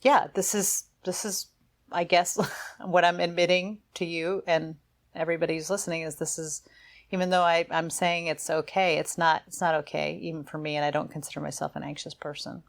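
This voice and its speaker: A woman's voice: sits low, flat delivery, brisk, creaky. A woman co-hosting a podcast, talking candidly and reflectively in casual chat. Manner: candid, reflective, laughs easily. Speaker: podcast co-host.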